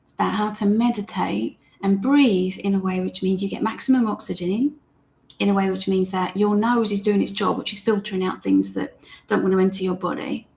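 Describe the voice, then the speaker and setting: A woman guides viewers through a live meditation lesson, chatting gently and reading out their comments as they come in. Her voice sits mid-pitch with a slightly gravelly, fry-tinged texture. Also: steady tone, fairly quick. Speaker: meditation teacher.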